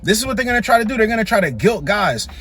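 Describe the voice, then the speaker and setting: Blunt, mocking man with a husky voice. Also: sits high, big pitch swings, rapid-fire, a bit bright, faint music behind. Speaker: reaction video host. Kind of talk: casual reaction commentary.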